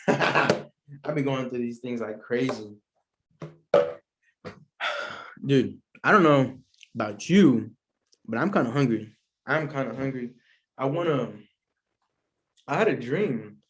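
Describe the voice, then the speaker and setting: A man's voice: mid-range voice, lively intonation, takes it slowly, pauses often. A young man, hosting a solo podcast in a laid-back, rambling way and laughing often. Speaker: podcast host. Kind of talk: casual solo podcast chat.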